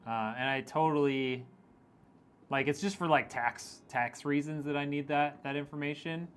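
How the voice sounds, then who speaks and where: A man's voice: a little high, fairly even intonation, moderate pace, smooth. Joking man on a livestream. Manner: joking, teasing, laughs often. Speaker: streamer building PCs. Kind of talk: casual livestream chat reading viewer comments.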